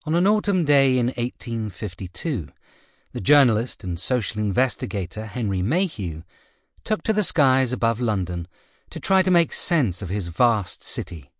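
A man narrating a nonfiction audiobook in a measured, expressive reading from a close studio mic. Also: on the low side, no echo.

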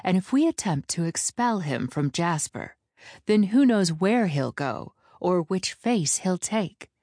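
A woman's voice: lowish voice, sing-song, a little slow, a little mellow, dry recording, clean studio sound. A woman voicing a stern, commanding female elder witch who speaks in clipped, authoritative lines in an audiobook.

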